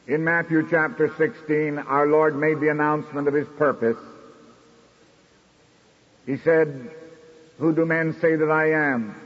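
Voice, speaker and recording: A man preaching a sermon in a measured, declamatory way, slowing down for emphasis. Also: on the high side, fairly even intonation. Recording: dull recording in a reverberant hall.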